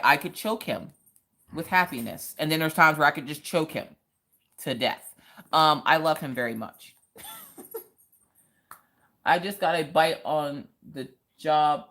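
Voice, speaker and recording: A woman's voice: low-pitched, expressive, moderate pace, a bit bright. A woman hosting a casual craft livestream, chatting playfully, laughing often and reading viewer comments aloud. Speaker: livestream host.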